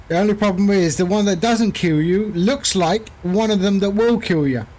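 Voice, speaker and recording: A man's voice: sits high, normal speed, few pauses, a little mellow. A man streaming a flight simulator, chatting casually and rambling with jokey asides to his viewers. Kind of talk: casual chat while flying a sim.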